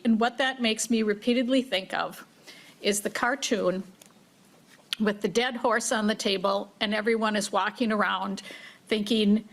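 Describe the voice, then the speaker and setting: A woman's voice: medium pitch, steady tone, unhurried. A woman who works as a state employee, giving public testimony in an earnest, plain-spoken way.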